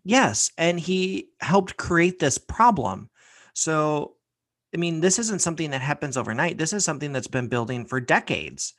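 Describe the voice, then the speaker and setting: A man's voice: fairly high pitch, expressive, normal speed, fairly bright tone, no echo. A man hosting a podcast, giving a heated, sarcastic opinion rant full of profanity. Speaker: podcast host.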